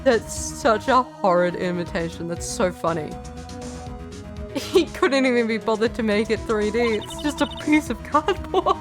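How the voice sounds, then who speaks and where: A woman's voice: on the high side, lively intonation, a little slow. Playful woman streamer over game music. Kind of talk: reading a game aloud on stream.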